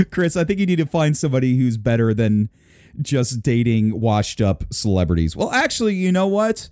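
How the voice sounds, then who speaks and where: A man's voice: medium pitch, sing-song, normal speed, a little mellow, dry recording, clean studio sound. A man hosting a podcast in casual banter, teasing and crude, laughing often. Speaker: podcast host.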